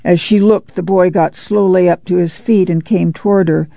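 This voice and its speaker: A narrator reads a novel aloud in a steady, measured way. The voice is mellow and full of gravelly fry. The recording is dry and a little muffled. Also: mid-range voice, no echo. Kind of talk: audiobook narration.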